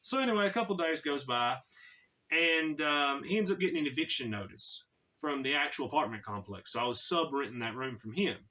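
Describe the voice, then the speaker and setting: A man's voice: a little high, expressive, fairly quick, bright, forceful tone, distant mic. A man telling a personal story in a casual, chatty way, full of slang.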